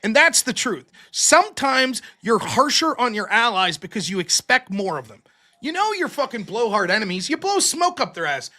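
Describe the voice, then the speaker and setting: A young man with a high, bright voice hosts a live stream, talking loose and profane and slipping into mocking impressions of other people. He talks in a casual, storytelling way. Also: very animated, a little fast. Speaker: debate stream host.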